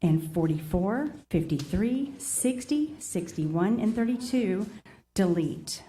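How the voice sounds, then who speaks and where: A woman's voice: mid-range voice, expressive, slow pace, dark tone, a little hiss or hum. A woman chairing a public meeting. She reads long lists of agenda numbers and apologizes often.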